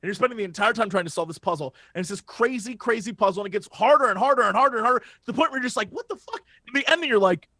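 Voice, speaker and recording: A man in casual podcast chat, his voice sitting high for a man as he tells a story. He gets worked up and swears often. The sound is dry and close, with no room echo. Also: very fast, hardly any pauses. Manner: excitable storyteller, swears freely. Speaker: podcast co-host.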